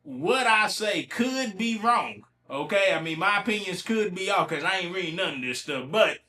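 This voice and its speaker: Feeling a bit under the weather, this Ohio man hosts a solo podcast and talks back to news headlines in a loose, colloquial way, often repeating himself. His voice sits high and is expressive, pushed and bright at normal speed, in a roomy space.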